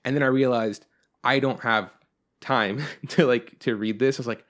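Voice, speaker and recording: A man's voice: mid-range voice, fairly even intonation, moderate pace, fairly bright tone. A young adult man hosting a podcast, chatting casually in a rambling way, with lots of swearing and filler words. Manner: rambling and profane, with frequent fillers. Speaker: podcast host. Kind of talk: casual chat.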